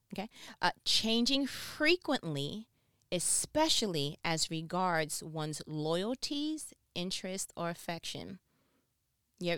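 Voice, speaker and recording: Playful woman host, slightly high, smooth, close dry sound. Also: no room sound. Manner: animated, playful, acts out quotes. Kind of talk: casual monologue commentary.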